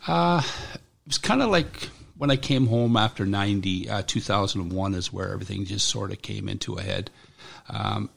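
A middle-aged man recounts his military years in an interview. His voice sits low and has a gravelly edge. He speaks bluntly, swears freely and often restarts his sentences. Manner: blunt, profane, halting. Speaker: military veteran guest. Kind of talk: personal account in an interview.

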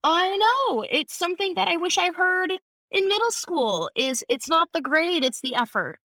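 A young woman chatting as a podcast guest, telling animated, quick stories with a laugh. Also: very high-pitched, dry recording. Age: young adult. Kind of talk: casual chat.

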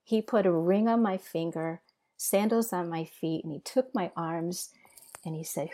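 A middle-aged woman sharing an emotional personal testimony in an earnest, halting way with many pauses and fillers. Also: on the low side, mellow. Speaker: guest sharing her testimony.

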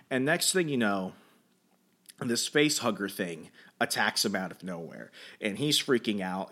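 Man podcaster, lowish voice, rambling casual recap, jokey asides. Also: fairly bright tone. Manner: rambling, hum-filled, jokey. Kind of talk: casual comic book recap.

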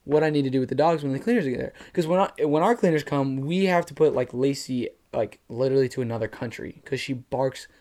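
A young man chatting casually as a podcast co-host, an animated storyteller who fills his talk with slang and "like". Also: medium pitch, fast talker, few pauses. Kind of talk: casual chat.

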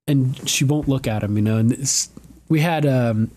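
A man hosting a podcast, recapping a TV episode in casual chat, animated, laughing often and swearing freely. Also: medium pitch, normal speed. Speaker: podcast host.

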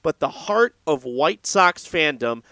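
A man's voice: on the high side, animated, slow, sharp tone, dry recording. A man hosting a podcast, speaking earnestly in a reflective tribute monologue. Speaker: podcast host.

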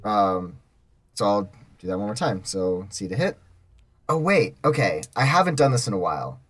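A man's voice: on the low side, expressive, moderate pace, a bit bright, husky. A man playing a tabletop role-playing game, talking casually and thinking aloud with fillers. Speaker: player.

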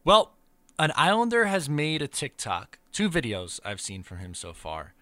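A man hosting a podcast, chatting casually as a lively, wry sports fan. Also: a little high, moderate pace, no room sound. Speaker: podcast host. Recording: dry close mic.

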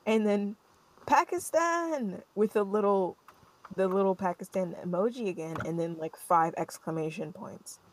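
A young adult woman hosting a podcast, telling a story in an animated, rambling way full of fillers. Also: medium pitch, moderate pace, a little hiss or hum. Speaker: podcast host. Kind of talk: casual storytelling chat.

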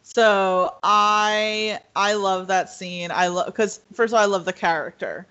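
A woman talks casually on a podcast, an animated storyteller who keeps acting out the scenes she describes. Her voice is mid-pitched. The audio is slightly dull and muffled. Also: unhurried, smooth. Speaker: podcast co-host. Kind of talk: casual chat.

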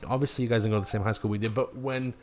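A man's voice: fairly low pitch, fairly even intonation, rapid-fire, a little mellow. A young man, co-hosting a casual podcast chat, rambling and profane and working himself up into rants. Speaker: podcast co-host.

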